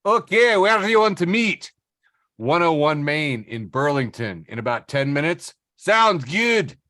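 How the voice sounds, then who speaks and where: A man's voice: a little high, animated, a little slow, pushed and bright, no room sound, clean studio sound. A man doing a put-on Scottish accent as a haggling man in a comic skit, with an exaggerated voice. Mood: mock haggling.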